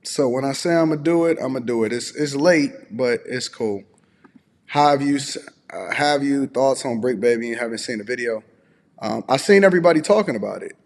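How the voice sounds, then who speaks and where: A man hosting a casual live stream from home, relaxed and a bit groggy with a slightly raspy voice, chatting and reading viewer messages aloud. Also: medium pitch, fairly quick, in a large hall. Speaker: host.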